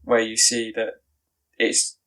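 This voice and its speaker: A man's voice: on the low side, monotone, takes it slowly, a bit bright, poor audio. A man co-hosting a podcast in casual chat, making long, opinionated points. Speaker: podcast co-host.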